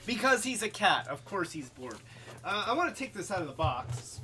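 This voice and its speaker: A man hosting a casual toy live stream, rambling and halting, with many restarts and fillers, and calling himself by a nickname in the third person. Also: sits high, big pitch swings, pushed and bright. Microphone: webcam.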